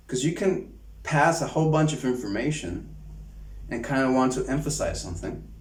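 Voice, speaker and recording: Guy giving an online lecture, slow, keeps restarting, sounds roomy and kinda far from the mic. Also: mid-range voice, a little mellow. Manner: halting, many restarts and repeated words. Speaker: course lecturer.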